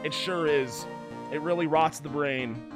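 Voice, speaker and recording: A man's voice: fairly high pitch, a little slow, over music. A man streaming a game, making sarcastic, jokey asides as he reads. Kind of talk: let's play commentary.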